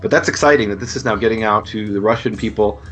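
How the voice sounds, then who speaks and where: A man's voice: lowish voice, fast talker, fairly bright tone, soft background music. A man talking as a guest in a casual podcast chat, explaining things earnestly. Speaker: guest teacher.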